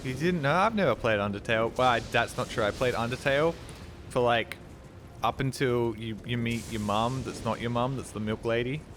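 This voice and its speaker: A man's voice: medium pitch, moderate pace, fairly bright tone, soft background music. A man streaming a video game, rambling casually to his chat and swearing freely. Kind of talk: casual gameplay commentary.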